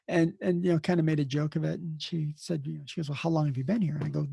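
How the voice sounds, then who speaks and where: A middle-aged man with a heavily gravelly, husky voice, recorded close and dry. He tells rambling, blunt anecdotes in a casual interview, putting on the voices of the people he quotes. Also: a little high, steady tone, fast, hardly any pauses, dark tone, dry recording. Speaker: emergency nurse and podcast host, here the guest.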